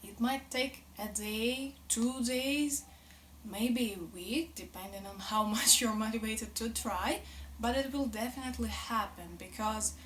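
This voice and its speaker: Slow, patient woman teaching pronunciation. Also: a little high, fairly bright tone, slight background noise. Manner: patient, drills sounds slowly and repeats them. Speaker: language teacher. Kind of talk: pronunciation lesson.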